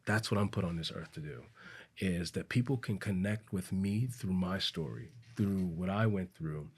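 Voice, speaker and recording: A man in his thirties speaks as a podcast guest with a somewhat low voice. He tells his story earnestly and drops soft and quiet at the heartfelt parts. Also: normal speed, husky. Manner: earnest, acts out quoted voices, low and soft at emotional points. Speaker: podcast guest, business coach. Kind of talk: storytelling in casual interview.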